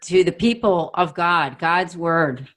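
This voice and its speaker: Low-voiced woman hosting a podcast. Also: takes it slowly, a bit bright. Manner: reflective, agreeable, thinks aloud with fillers. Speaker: podcast host. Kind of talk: conversational podcast talk.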